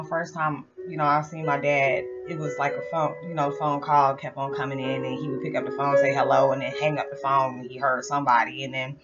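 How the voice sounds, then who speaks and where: A middle-aged woman telling a personal story in a casual, chatty way, full of "you know" fillers. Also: low-pitched. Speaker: storyteller vlogger. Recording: dull lo-fi with background music.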